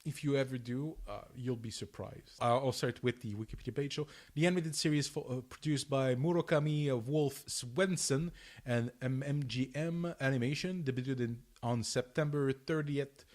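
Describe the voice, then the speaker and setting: A man's voice: mid-range voice, darkish tone. Guy co-hosting a podcast, mid voice, stumbles and restarts a lot. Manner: halting, many restarts, laughs easily. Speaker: podcast co-host. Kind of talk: casual chat.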